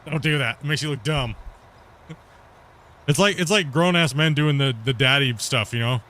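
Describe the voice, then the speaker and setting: A man's voice: a little high, normal speed, sharp tone. Chatty man rambling over gameplay. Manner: rambling, repeats himself, laughs easily. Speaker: gaming streamer. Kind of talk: casual chat while playing.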